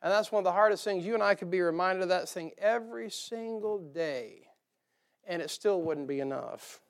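A man's voice: sits high, moderate pace, smooth. A man preaching a sermon to a church, folksy and joking, rising to emphatic bursts. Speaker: pastor. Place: church sanctuary.

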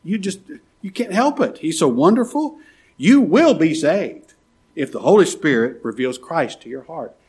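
Male pastor, sermon delivery, husky and impassioned, very animated pitch. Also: moderate pace. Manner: impassioned, rising to pleading cries. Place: church.

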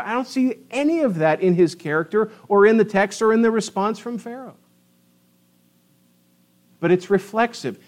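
Animated preaching man. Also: high-pitched. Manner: animated preaching, rising to emphatic peaks. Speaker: pastor. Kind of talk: sermon.

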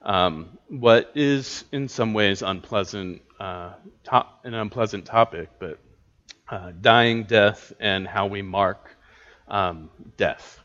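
A man teaching a church class on scripture, thoughtful and halting, with many filler words and restarts. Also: on the low side, fairly bright tone. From United States. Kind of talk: Bible teaching talk. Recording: dull lo-fi recording.

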